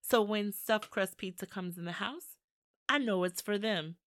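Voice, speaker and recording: A woman's voice: mid-range voice, a little slow, fairly bright tone, no echo. Laughing, teasing mother on a dry mic. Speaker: podcast co-host, mother. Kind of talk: casual family podcast chat.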